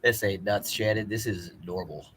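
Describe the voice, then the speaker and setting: A man's voice: lowish voice, steady tone, normal speed, a bit bright, slight background noise. A man live-streaming from a phone in a motel parking lot in light rain, talking in a rambling, profane, chatty way. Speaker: vlogger. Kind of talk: live-streamed walking vlog.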